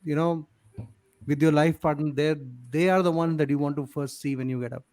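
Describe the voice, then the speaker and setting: A man's voice: fairly high pitch, flat delivery, a little fast, a little mellow. A man hosting a live talk show, affirming what his guest says and adding his own agreeing thoughts.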